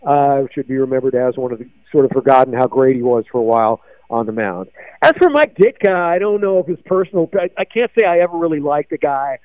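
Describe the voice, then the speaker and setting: An older man wanders through sports memories, stopping, restarting and padding with fillers. His voice sits at an ordinary pitch for a man. It comes through a dry, narrow, phone-like line. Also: lively intonation, quick pace, dry recording. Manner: digressive, many fillers and restarts. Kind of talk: rambling sports memories chat. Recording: dry tinny phone-like sound.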